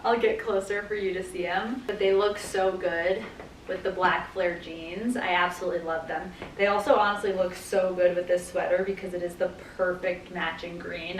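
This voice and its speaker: A young woman chatting casually to her viewers in a try-on haul video, gushing and excitable as she shows off her new things. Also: on the low side, recorded from a distance, slight background noise. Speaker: vlogger. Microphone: camera mic at a distance. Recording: roomy, camera mic away from her, music behind.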